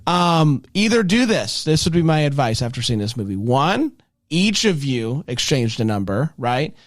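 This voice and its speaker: A man's voice: mid-range voice, sing-song, normal speed, no echo, clean studio sound. A man co-hosting a podcast, recapping a movie in a joking, rambling way. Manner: joking, rambling, playful asides. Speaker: podcast co-host. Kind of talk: casual chat, movie recap.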